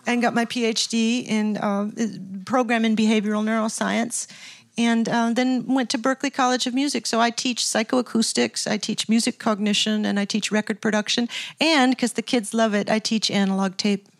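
A woman's voice: a little high, level tone, normal speed. Chatty older woman recalling her path. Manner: reflective, chatty, laughs often, frequent restarts. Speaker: guest, record producer turned scientist. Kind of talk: casual interview storytelling.

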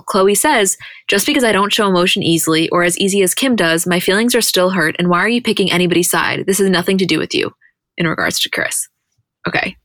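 Lowish-voiced woman recapping, dry sound. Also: no room sound. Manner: animated storyteller, quoting people in quick bursts. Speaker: podcast co-host. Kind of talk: casual podcast recap chat.

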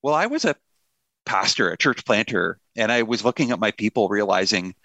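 Low-voiced man, pastor guest, earnest and thoughtful, dry close recording. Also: lively intonation, brisk, pushed and bright, dry recording. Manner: earnest, thoughtful, with self-deprecating humor. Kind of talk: conversational interview.

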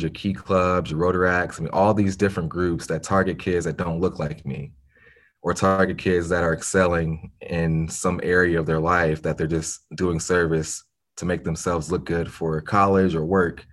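A man, telling his story as a guest in a podcast interview, earnest and reflective with occasional restarts. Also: sits low. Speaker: nonprofit founder, podcast guest.

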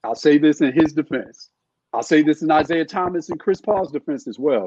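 A middle-aged man with a husky, slightly higher voice chats about basketball as a guest, stopping and restarting his sentences. The sound is dull and lo-fi, with a dry, close feel. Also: dark tone, no echo. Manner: halting, with many restarts and fillers. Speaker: guest, former NBA scout. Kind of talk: casual podcast chat.

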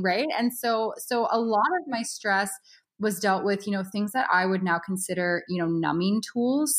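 Reflective woman, yoga and mindset coach. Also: medium pitch. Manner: reflective, uses many fillers like "you know" and "right". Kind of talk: casual interview conversation.

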